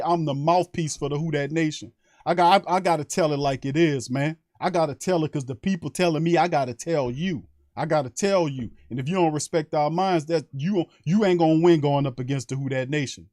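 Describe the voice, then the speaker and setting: A man's voice: a little high, fairly quick, darkish tone, no room sound, clean studio sound. Fired-up New man ranting. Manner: heated, emphatic, profane, repeats his points. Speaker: sports podcast host. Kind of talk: fired-up fan rant on a live stream.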